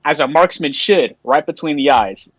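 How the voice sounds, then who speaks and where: A man's voice: on the high side, expressive, moderate pace, no room sound, faint music behind, low-quality recording. Easygoing man playing a tabletop game. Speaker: player.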